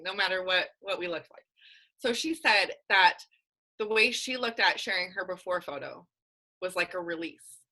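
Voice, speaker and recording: Young adult female fitness coach, casual and emphatic motivational speaker, crisp bright tone. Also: mid-range voice, poor audio. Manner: candid, emphatic, casual slang. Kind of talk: motivational team call talk.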